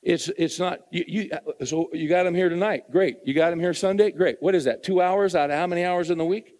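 A man's voice: high-pitched, brisk, a little mellow, long reverb tail. A middle-aged man preaching a sermon in an earnest, conversational way, repeating phrases for emphasis.

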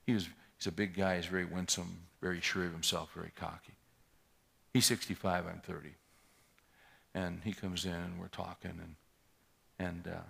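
A man's voice: deep voice, gravelly, sharp tone, breathy edge. A man in his sixties preaching a sermon, telling a story and acting out a tense confrontation with rising force. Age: 60s. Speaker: pastor.

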